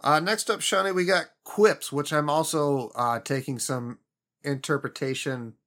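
Male podcast co-host, bright, forceful tone, upbeat review chat. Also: fairly high pitch, fairly even intonation, unhurried. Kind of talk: casual film-review chat.

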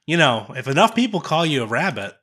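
Bright-voiced man making dry jokes. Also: fairly high pitch, sing-song, fairly quick, slightly rough. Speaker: podcast co-host. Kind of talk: casual chat.

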